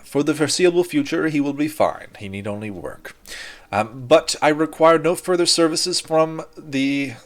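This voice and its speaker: A man voicing a formal, courteous wealthy male employer in a tabletop game, speaking in slow, measured, polite phrases. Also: fairly high pitch, pitched above the performer's own voice, close to an everyday voice.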